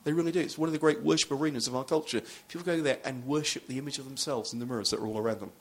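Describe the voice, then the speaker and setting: A man's voice: mid-range voice, rapid-fire. A man, a pastor, preaching a sermon in a loose, conversational storytelling way with frequent restarts.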